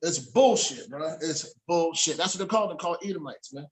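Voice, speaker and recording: A man's voice: fairly high pitch, expressive, brisk, over a noisy crowd, low-quality recording. A man hosting a casual talk show over a video call, ranting in a profane, heated way and often repeating himself. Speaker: show host.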